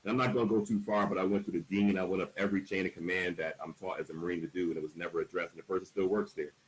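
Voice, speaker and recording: A man's voice: sits low, fairly even intonation, rapid-fire, slight background noise, low-quality recording. A man in his forties telling a personal story on a discussion panel, frank and emphatic, acting out the voices of people he quotes. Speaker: panel speaker.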